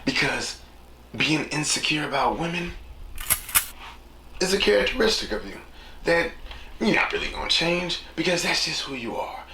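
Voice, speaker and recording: A man's voice: fairly high pitch, expressive, moderate pace, pauses often. A man hosting a casual solo podcast, talking loosely and slipping into voices when he quotes people. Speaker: podcast host. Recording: echoey room with noticeable background noise.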